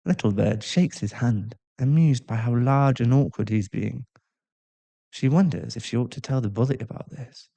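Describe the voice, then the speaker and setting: A man narrating an audio role-play story in a calm, even way. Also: medium pitch, moderate pace, gravelly.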